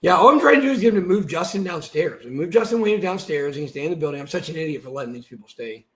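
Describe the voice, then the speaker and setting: A man hosting his channel, giving ranting commentary while reading through documents, swearing and swinging from muttering to shouting. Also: on the high side, lively intonation, very fast. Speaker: channel host.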